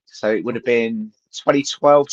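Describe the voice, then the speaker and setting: A man in his forties on a football podcast, hesitant and thinking out loud as he answers quiz questions. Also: mid-range voice, steady tone, normal speed, no room sound, lo-fi sound. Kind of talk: casual football podcast chat.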